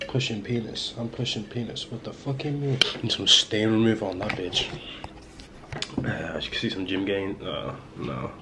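Young lad vlogging at home, kinda low voice, rambly and jokey, noisy hiss behind. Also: male voice, moderate pace. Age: young adult. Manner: rambling, self-mocking, lots of fillers and restarts. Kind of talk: casual rambling vlog chat. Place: at home indoors.

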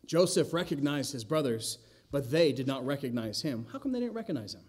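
A man's voice: fairly high pitch, sing-song, brisk, breathy edge. A man preaching an expository sermon in a church, asking the congregation rhetorical questions and adding wry asides. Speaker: pastor. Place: church sanctuary.

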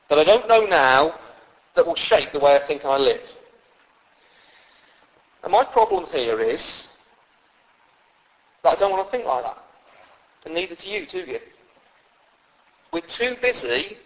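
Male pastor, high voice, lively sermon with jokes, dull reverberant church recording. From Britain. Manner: lively preaching with humorous asides to the congregation. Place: church hall with long reverb.

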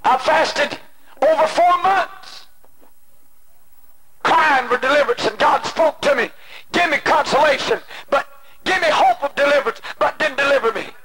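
A male preacher delivering an impassioned sermon, moving between shouted pleading and hushed personal storytelling. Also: very high voice, normal speed, crowd noise. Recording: noisy old cassette tape.

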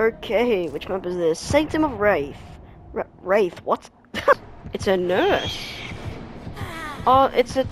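Excitable young gamer with music behind. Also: mid-range voice. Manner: reactive and excitable, with quick exclamations and laughs. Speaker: gaming video creator. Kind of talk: live gameplay commentary. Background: background music.

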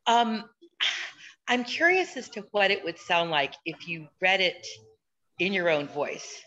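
A woman who teaches political science, speaking on a video call in a thoughtful, halting way with many fillers and restarts. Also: lowish voice, expressive, sharp tone, dull audio, a little hiss or hum. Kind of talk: casual discussion.

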